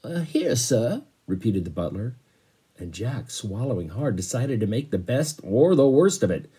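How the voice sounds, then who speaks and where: A man reads a chapter book aloud to schoolchildren, breaking off to explain words in a relaxed, chatty way. His voice is strongly husky and mellow in tone. His pitch moves animatedly from phrase to phrase. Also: normal speed. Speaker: teacher reading aloud to a class. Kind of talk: children's read-aloud with explanatory asides.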